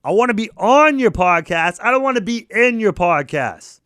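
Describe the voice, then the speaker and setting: A bossy, middle-aged celebrity comedian barks at his host, gruff and belligerent, as a man puts him on for a comedy sketch. He talks loud and higher than a plain voice, with the pitch swinging widely. The sound is dry and close. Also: very animated, unhurried, dry recording, heavily acted. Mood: irritated. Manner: gruff, belligerent, demanding respect.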